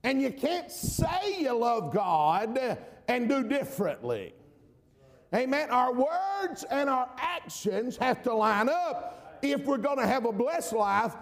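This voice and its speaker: Southern preacher man, high voice, shouts then drops quiet, lots of amens, echoey church hall. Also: big pitch swings, slow. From Georgia, US South. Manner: emphatic, repeats amen, swings from shouting to quiet. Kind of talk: sermon.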